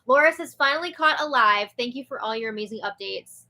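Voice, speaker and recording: A young woman hosts a live chat show, reading out viewer messages in a chatty, giggly way full of little fillers. Her voice is bright and sits a bit high, and her throat is sore. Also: expressive, quick pace. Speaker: show host.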